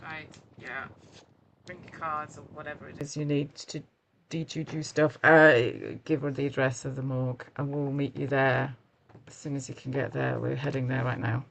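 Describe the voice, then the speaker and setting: A man playing a tabletop game, talking in character and out, slow and rambling with fillers. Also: mid-range voice, flat delivery, creaky, a bit bright. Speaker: player. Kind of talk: casual in-character play.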